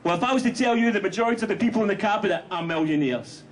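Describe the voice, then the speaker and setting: A man giving a rally speech as a union speaker, shouting slogans with rhetorical fire. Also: high-pitched, racing. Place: outdoor street rally. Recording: noisy outdoor rally audio.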